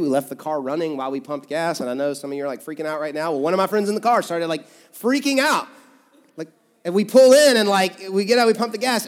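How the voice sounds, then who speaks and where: Preaching in a big sanctuary whose long echo rings around his words, a pastor with a high voice jokes and talks conversationally to his congregation. When he quotes people, he slips into their voices.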